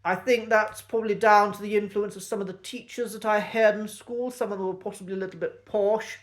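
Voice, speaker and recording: Host, male, posh English RP, light high voice, measured delivery with ums. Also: fairly even intonation. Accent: posh English Received Pronunciation. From England. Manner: measured and precise, with frequent ums. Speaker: accent teacher and channel host. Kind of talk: reflective solo talk to camera.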